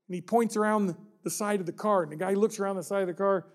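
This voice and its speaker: A man's voice: sits high, steady tone, fast, hardly any pauses. A man preaching a sermon as pastor, telling a story and acting out the people in it. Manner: storytelling, acts out quoted voices with rising intensity.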